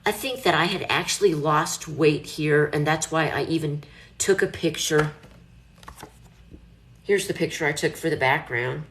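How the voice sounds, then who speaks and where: A woman's voice: low-pitched, unhurried, a little hiss or hum. A middle-aged woman chatting casually on a live stream, rambling and reassuring herself as she talks. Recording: echoey room.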